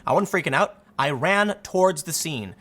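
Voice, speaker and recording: Bright-voiced sarcastic male commentator. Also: fairly high pitch, moderate pace. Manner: sarcastic, mocking, animated storytelling. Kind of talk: casual commentary.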